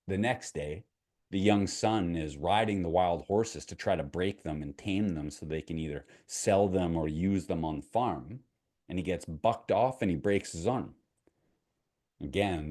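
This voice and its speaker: A man with a deep, low voice speaks as a mindset coach. He tells a story in a relaxed, conversational way and turns to the viewer with questions. He is middle-aged and from Canada. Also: normal speed. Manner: conversational, asks the viewer questions, retells a parable. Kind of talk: motivational storytelling to camera.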